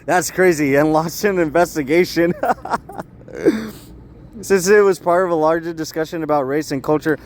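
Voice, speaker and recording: A young man ranting in a rambling street vlog, agitated, swinging from loud outbursts to low muttering. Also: normal speed, long pauses, slight background noise. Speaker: vlogger.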